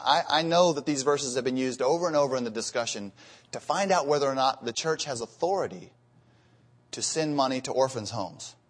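A man's voice: medium pitch, husky. A man preaching a sermon, earnest and building to emphatic peaks, often repeating words as he goes.

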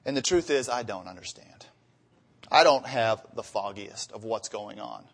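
A man's voice: on the low side, animated, moderate pace, vocal fry, husky. A man preaching a sermon, telling humorous marriage stories and then reading scripture with rising emphasis. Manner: storytelling with acted-out marital dialogue. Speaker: pastor.

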